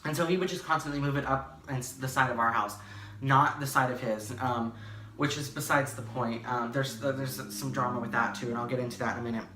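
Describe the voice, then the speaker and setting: A young man telling a casual storytime vlog from his bedroom, rambling and animated, full of fillers and restarts. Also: mid-range voice, brisk, a little hiss or hum. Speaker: vlogger. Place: his bedroom, in front of a green screen. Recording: echoey room, slightly far from mic.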